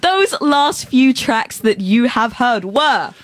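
A woman's voice: a little high, very animated, slow, dry recording. A woman hosting a radio show in the studio, chatting playfully and laughing often with her guests. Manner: playful, giggly, bubbly. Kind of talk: casual radio banter.

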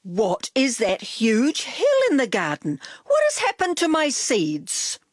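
A cheerful grown-up gardener read by a woman, friendly and plain. The voice stays close to a natural reading voice, lively in pitch. The sound is dry and close. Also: slow, no echo, heavily acted. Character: cheerful adult male gardener.

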